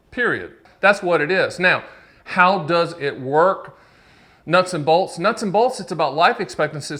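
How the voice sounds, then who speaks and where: In his own casual annuity explainer, a man in his fifties addresses the camera directly. He's chatty and jokey, teases his producer off camera and drifts into digressions, all in a medium-pitched, fairly bright voice.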